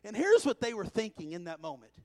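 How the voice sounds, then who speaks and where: A pastor preaches a sermon, recounting a scripture story in an animated way, chuckling and raising his voice for emphasis. He has a high voice and a quick pace.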